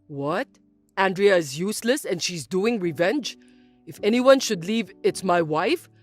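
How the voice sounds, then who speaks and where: A performer voicing a patient adult son who explains things in a steady, firm way. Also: mid-range voice, measured pace, faint music behind. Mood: reasoning. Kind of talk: dubbed drama acting.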